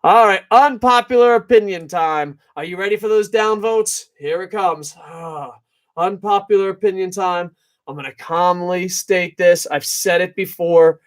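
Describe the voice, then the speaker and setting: A man reviewing a wrestling event in a blunt, profane rant, dropping into mutters and then rising to shouts. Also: sits high, unhurried. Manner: profane, blunt and opinionated, swings from mumbling to shouting. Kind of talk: ranting video review.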